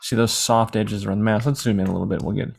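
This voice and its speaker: A man teaching a screen-recorded software lesson in a casual, rambling way, sometimes acting out questions from imagined viewers. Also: lowish voice, steady tone, fast, gravelly, breathy edge. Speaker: software tutorial instructor.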